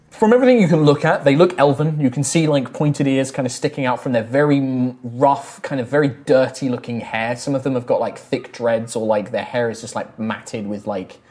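A man's voice: mid-range voice, a little mellow. A man narrating as game master for a tabletop game, describing scenes in a loose, rambling way with many fillers and restarts.

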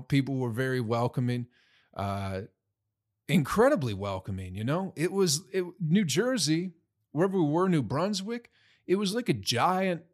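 A man telling stories in a casual, rambling monologue, full of swearing, recorded in a room at home. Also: mid-range voice. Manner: profane, rambling and laid-back. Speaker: touring comedian recapping shows.

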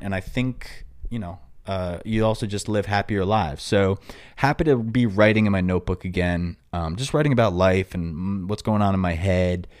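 Young male podcast host with a New York accent, lowish voice, rambling and loose with sudden loud bursts. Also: clean tone. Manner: rambling and filler-heavy, breaking into loud excited outbursts. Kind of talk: casual chat.

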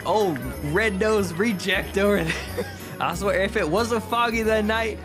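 A man's voice: sits high, a little slow, over music, pitched above the performer's own voice. A man doing Randall, a bitter washed-up reindeer. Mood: boastful. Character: bitter washed-up male reindeer, boastful, out of shape.

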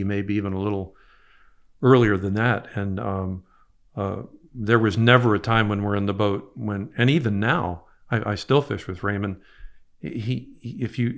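An older man telling rambling fishing stories in a casual interview, repeating his words as he goes. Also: lowish voice. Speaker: fishing guide guest.

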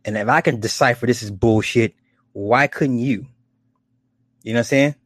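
A man hosting a casual commentary, animated and profane, often laughing at his own stories. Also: medium pitch, moderate pace, no room sound, studio quality.

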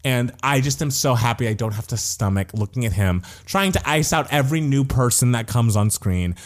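A man's voice: mid-range voice, expressive, fairly quick. A man in casual chat, gossiping animatedly and swearing, mimicking people as he retells.

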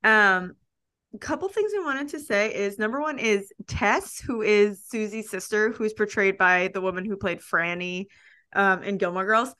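A woman's voice: medium pitch, normal speed, bright, forceful tone, clean tone. A woman in her thirties co-hosting a podcast, rambling in casual chat with lots of "like" and asides. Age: 30s. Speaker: podcast co-host.

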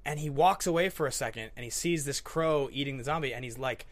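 A man's voice: mid-range voice, fast. A man hosting a casual movie podcast, talking animatedly and acting out scenes he loves. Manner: animated, acts out movie scenes in quoted voices. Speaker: podcast host.

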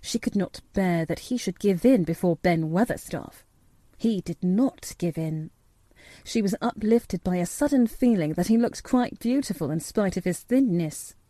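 A woman narrating a storybook in a measured, steady reading voice. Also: on the low side, no echo. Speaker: audiobook narrator.

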